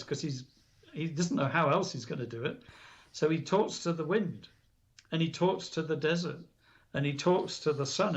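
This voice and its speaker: Man, gravelly voice, earnest spiritual storytelling, dull lo-fi radio sound. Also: a little high. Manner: earnest, retells a story with quoted dialogue. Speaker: guest speaker on spiritual alchemy.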